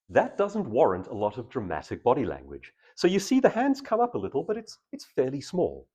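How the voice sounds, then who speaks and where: A man's voice: a little high, wildly swooping pitch, a little fast, hardly any pauses, a little mellow. A man, a public speaking trainer, giving a live workshop talk to an audience and shifting between intense and casual delivery.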